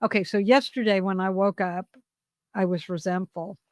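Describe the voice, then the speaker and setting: A woman's voice: mid-range voice, normal speed, no room sound. Middle-aged woman cohost, open and confessional, acts out her quotes, dry close sound. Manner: open, confessional storytelling with lively re-enacted quotes. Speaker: podcast co-host. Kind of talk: candid casual chat.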